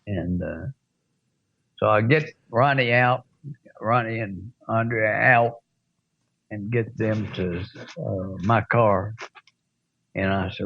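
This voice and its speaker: Slow gravelly older man. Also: lowish voice, no echo, narrow, tinny audio. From American South. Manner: slow drawling anecdote with chuckles and profanity. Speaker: guest. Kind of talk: storytelling in an interview.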